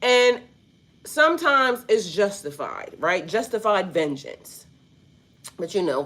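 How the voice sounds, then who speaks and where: A woman's voice: medium pitch, expressive, unhurried, fairly bright tone. Rambling woman giving casual spiritual talk. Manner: rambling, rhetorical questions, slangy asides. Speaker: spiritual vlogger.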